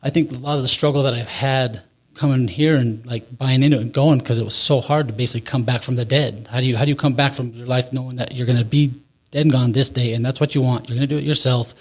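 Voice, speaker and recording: Fast-talking man telling his recovery story. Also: medium pitch, steady tone. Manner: rambling, repeats words, nervous laughs. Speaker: interview guest. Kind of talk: candid recovery story, conversational.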